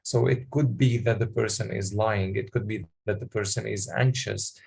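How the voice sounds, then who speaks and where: A man presenting a workshop, explaining in a halting way with many pauses and questions to the audience. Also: on the low side, fairly even intonation, gravelly, darkish tone, husky.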